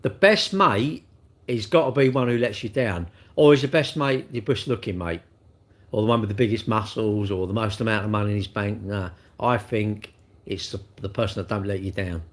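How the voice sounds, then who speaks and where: A man's voice: on the low side, normal speed. Blunt, rambling man on a livestream. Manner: chatty, blunt, rambling with frequent restarts and tag questions. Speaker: livestream host. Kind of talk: casual live-stream chat reading viewer comments.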